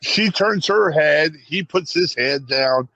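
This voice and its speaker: A man's voice: on the high side, slow, highs cut off, a crowd in the background. A man co-hosting a casual podcast, telling stories and acting out voices as he goes. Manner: animated storyteller, acts out voices. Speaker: podcast co-host. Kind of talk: casual chat.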